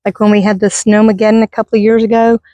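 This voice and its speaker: A middle-aged woman from Texas giving a casual, rambling tour of her neglected yard, talking warmly to her viewers and turning wistful at times, recorded outdoors on a handheld camera. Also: mid-range voice, little pitch movement, fast, no echo, muffled recording. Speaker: vlogger. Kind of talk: casual garden tour vlog. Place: outdoors in a yard by a busy street.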